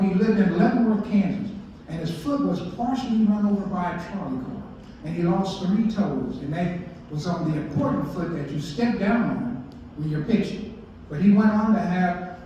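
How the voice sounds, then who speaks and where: Older guy, high voice, telling baseball stories to a crowd, far off mic in a big echoey hall, bit muffled. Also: warm tone, a little hiss or hum. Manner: folksy, asks the audience questions. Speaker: baseball historian giving a talk. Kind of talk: storytelling lecture to an audience.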